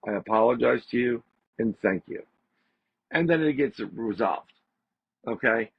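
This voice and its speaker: A man, a podcast guest, telling a story in a casual, animated way and repeating phrases for emphasis. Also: mid-range voice, a little slow, creaky, husky, dry recording. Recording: slightly dull lo-fi audio.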